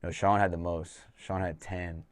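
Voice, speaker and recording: A man's voice: deep voice, little pitch movement, unhurried. A man hosting a podcast, telling a casual, profane story as a fight coach and acting out the dialogue as he goes. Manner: loose and profane, acts out quoted dialogue.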